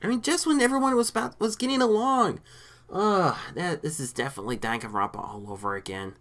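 A man giving casual, excitable commentary while playing a video game, often stammering and reading lines aloud. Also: high voice, brisk. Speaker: let's play gamer.

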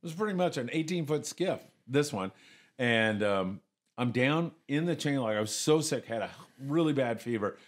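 An older man recounts old fishing misadventures in a relaxed podcast conversation. He jumps into raised, animated voices when he quotes his crewmates and the Coast Guard, then drops back to a plain, mid-pitched telling. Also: normal speed. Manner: animated storyteller, acts out others' lines in raised voices. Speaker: podcast guest, retired commercial fisherman. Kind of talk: casual storytelling chat.

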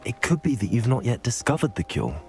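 An actor voicing a polite, earnest young student in a video game. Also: male voice, medium pitch, sing-song, brisk. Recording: game audio with music behind.

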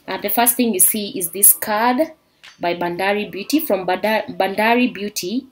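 A young woman from Kenya excitedly unboxing a beauty subscription box in a vlog, gushing and exclaiming as she goes. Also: mid-range voice, measured pace, a little hiss or hum. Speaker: beauty vlogger. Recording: faint background music.

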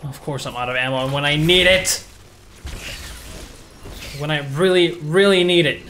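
A man's voice: a little high, measured pace, fairly bright tone, a little hiss or hum. A young man giving blind playthrough commentary on a video game, exasperated, swearing and laughing at himself. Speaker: gameplay commentator. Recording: game music under the voice.

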